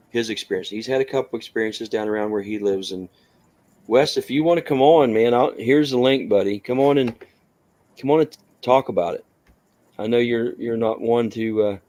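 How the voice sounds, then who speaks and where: A man's voice: on the low side, darkish tone. A man from West Virginia hosting a casual open-mic podcast, talking in an easygoing way with frequent restarts. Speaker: podcast host.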